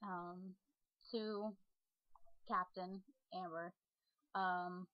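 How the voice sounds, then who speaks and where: A woman's voice: on the low side, flat delivery, drawn-out words, no room sound, dull audio. A young adult woman rambling casually to her followers, full of fillers and restarts. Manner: chatty, many fillers and restarts. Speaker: vlogger and online role-player.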